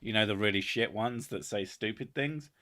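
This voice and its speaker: A man's voice: fairly low pitch, moderate pace, pushed and bright. A young man, hosting a casual comedy chat in a crude, sarcastic manner full of swearing. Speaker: podcast host.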